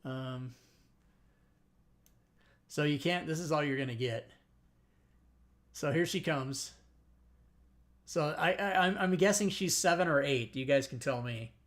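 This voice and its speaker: A man hosting a casual livestream, telling a story in an animated, profane way with frequent laughter. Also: a little high, measured pace, long pauses. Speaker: host.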